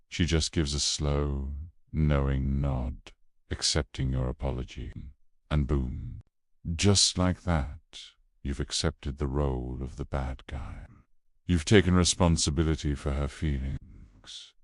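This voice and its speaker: A man giving scripted narration in a dramatic, measured storytelling manner with ominous pauses. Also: a bass voice, a little mellow, no room sound, studio quality.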